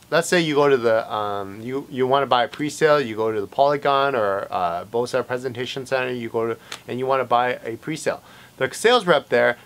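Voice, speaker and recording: A man's voice: mid-range voice, fairly bright tone. A man working as a realtor, explaining agency rules in a casual, conversational way, full of fillers and acted-out client exchanges. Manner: conversational, many fillers, acts out client dialogue. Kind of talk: casual explainer talk to camera.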